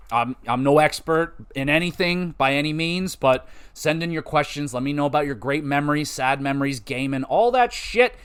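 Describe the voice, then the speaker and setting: A young man hosting a solo gaming podcast, talking loosely and excitably with a lot of swearing. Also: fairly high pitch, clean tone. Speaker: podcast host. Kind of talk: casual solo podcast talk.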